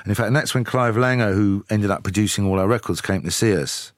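A man, telling lively anecdotes with chuckles as a studio guest. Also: on the low side, quick pace, no room sound. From England. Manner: lively, chuckling storyteller with frequent "you know". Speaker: musician, guest. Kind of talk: casual chat, anecdotal storytelling.

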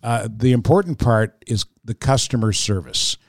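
Dude rambling through an ad read on a podcast, dry close mic, kinda unsure of the details. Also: male voice, mid-range voice, expressive, moderate pace, no echo. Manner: easygoing, rambling, hedging. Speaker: podcast co-host. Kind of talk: casual chat, sponsor read.

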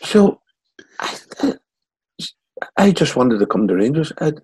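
A man in his sixties from Northern Ireland with a Northern Irish accent, telling lively stories as an interview guest. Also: medium pitch, slow pace, slightly rough, no echo, low-quality recording. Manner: lively yarn-spinner acting out quotes. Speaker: guest, former footballer. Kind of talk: anecdotal storytelling.

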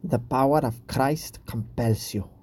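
A man doing a gruff Welsh-sounding old priest. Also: medium pitch, a little slow, darkish tone, pitched below the performer's own voice. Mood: solemn. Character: gruff old priest in a famous actor's manner. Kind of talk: impression.

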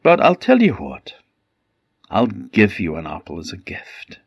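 A man voicing a wicked queen disguised as a sweet farmer's wife, talking in a high wheedling falsetto. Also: huge pitch swings, measured pace, gravelly, breathy edge, no room sound, heavily acted. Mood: coaxing. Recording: dull lo-fi recording.

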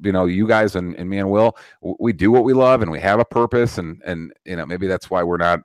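Low-voiced guy in his 30s ranting on a podcast, cusses a lot, dry sound. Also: brisk, dry recording. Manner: profane, rambling, many restarts. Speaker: podcast host. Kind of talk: casual political chat.

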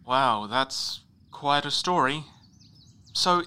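A man narrating as a museum guide in an audio drama, measured and wistful, turning dry and exasperated when talking with others. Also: on the high side, expressive, pushed and bright.

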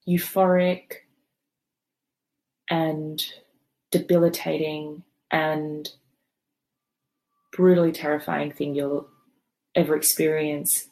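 Interviewed on a podcast, a woman slowly recounts her birth story with long pauses, swearing freely and wandering through fillers and restarts in this raw, emotional telling. Her voice sits low and slightly mellow, with little pitch movement.

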